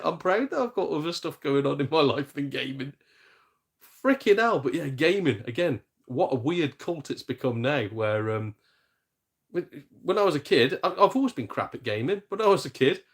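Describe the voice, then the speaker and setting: A man's voice: on the high side, expressive, brisk. Male stream host, middle-aged, casual sarcastic rant, mocks others with put-on voices. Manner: exasperated, sarcastic, mimics people in silly voices. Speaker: gaming channel host.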